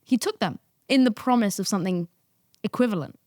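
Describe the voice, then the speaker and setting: A young woman hosting a podcast, telling a story in a casual, animated way, swearing and breaking into laughter. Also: mid-range voice, a little fast, no room sound, clean studio sound. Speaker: podcast host.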